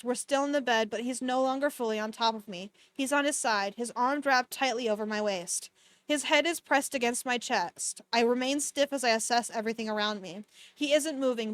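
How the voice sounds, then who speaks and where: A woman with a fairly high voice reads a novel aloud on her stream, then stops to make sarcastic comments between passages and swears freely. The sound is dry and close, with no room echo. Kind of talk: casual book reading with commentary. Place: home streaming setup.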